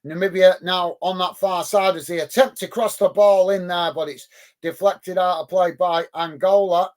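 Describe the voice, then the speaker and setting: A man's voice: high-pitched, steady tone, normal speed. A man hosting a live football watch-along, calling the play and thanking chat viewers by name in an upbeat way, on a close mic. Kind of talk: live match commentary and chat reading. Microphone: close mic on a headset.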